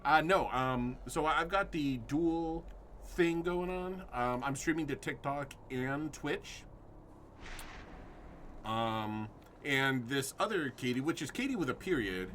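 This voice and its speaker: A man's voice: a little high, animated, takes it slowly, a bit bright, slight background noise. A man streaming a horror game live, jumpy and swearing at scares while chatting with his viewers.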